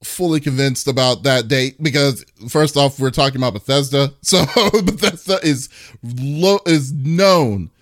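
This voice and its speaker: A man's voice: mid-range voice, measured pace, no echo, studio quality. A man co-hosting a gaming podcast, talking casually and rambling with many fillers and restarts. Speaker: podcast co-host. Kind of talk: casual chat.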